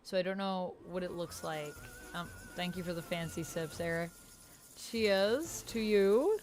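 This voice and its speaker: A woman's voice: little pitch movement, normal speed, slight background noise. Girl streaming from home, chatty and giggly, voice shoots way up when she's surprised. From Canada. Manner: bubbly and rambling, reads chat aloud, laughs often; pitch leaps up when surprised. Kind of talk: casual live-stream chat.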